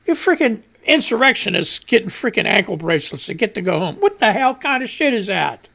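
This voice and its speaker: Man radio host: profane news rants, voice swings up and down, climbs higher as he gets heated, throat clearing. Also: sing-song, a little fast, bright, forceful tone. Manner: profane, angry, reads headlines aloud then rants; voice climbs higher when worked up. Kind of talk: ranting news commentary.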